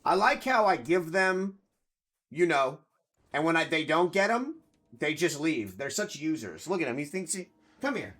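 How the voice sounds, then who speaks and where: A man's voice: on the high side, very animated, moderate pace, a bit bright. A man streaming a video game, chatting casually and joking with viewers and his dogs.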